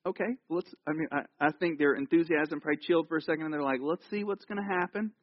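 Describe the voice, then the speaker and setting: Pastor, high male voice, chatty sermon with humor, dry slightly muffled recording. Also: fast talker, no room sound. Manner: animated, jokey storytelling with asides. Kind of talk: conversational sermon. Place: church.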